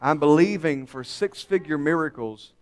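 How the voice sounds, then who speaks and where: A male pastor preaching a sermon to his congregation, swinging between hushed, confiding lines and loud, emphatic calls. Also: a little high, moderate pace. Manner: dramatic, swings from hushed to shouting.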